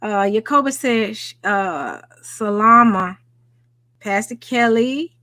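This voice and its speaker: A woman with a Southern US accent hosting a casual livestream, excitable and chatty though tired after a workday. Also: medium pitch, slow pace, no echo. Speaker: livestream host. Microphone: home microphone.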